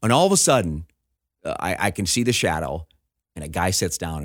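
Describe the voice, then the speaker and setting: A middle-aged man, a pastor, telling a personal story in casual conversation, animated and acting out the voices of the people in it. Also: sits low, brisk, dry recording, studio quality.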